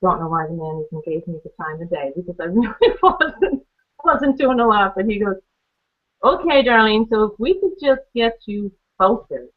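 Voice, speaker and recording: A woman talks through her own story on a training call, chatty and quick to laugh. She acts out the conversations she remembers. The sound is thin and narrow, like a phone line. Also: mid-range voice, animated. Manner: chatty, laughs often, acts out quoted exchanges. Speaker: guest speaker on a training call. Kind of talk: personal testimony.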